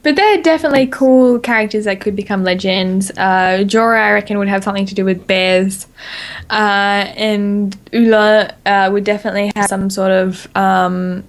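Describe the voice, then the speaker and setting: A woman with an Australian accent co-hosting a casual gaming podcast, excitable and quick to laugh. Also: mid-range voice. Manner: giggly, excitable, laughs often. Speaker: podcast co-host.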